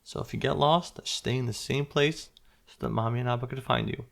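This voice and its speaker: Man reading as a patient mom teaching her kid rules, gentle, gravelly voice. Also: mid-range voice, fairly even intonation, a little fast, close to an everyday voice. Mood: instructive. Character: calm caring mother explaining safety rules.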